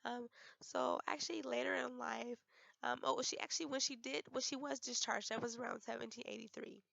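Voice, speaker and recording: Hoarse young woman, gravelly and halting. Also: fairly high pitch, steady tone, a bit bright, no room sound, dull audio. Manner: hesitant, many fillers and restarts. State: hoarse, losing her voice. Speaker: student presenter. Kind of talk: class presentation.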